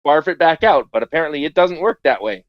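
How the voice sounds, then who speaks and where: A man on a podcast telling a story in casual chat, hesitant with many restarts, getting animated as he goes. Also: a little high, quick pace, dry recording, lo-fi sound.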